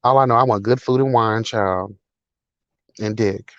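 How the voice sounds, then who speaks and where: A man hosts a casual livestream, reading chat in a sassy, profane, dramatic way. His voice is lowish and fairly bright at a measured pace, the audio dull but free of room sound.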